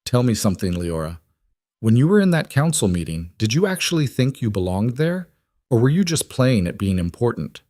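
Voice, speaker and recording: A man's voice: mid-range voice, big pitch swings, fairly quick, darkish tone, dry recording, clean studio sound, lightly acted. A man voicing a cold, scheming nobleman who talks down with mockery. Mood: mocking. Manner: mocking, condescending.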